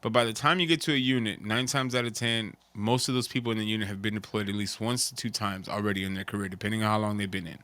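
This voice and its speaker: Bright, slangy male army veteran. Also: fairly low pitch, steady tone, fast talker, hardly any pauses, dry recording. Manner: emphatic, slangy, rambling. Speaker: podcast co-host, Army veteran. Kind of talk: casual chat.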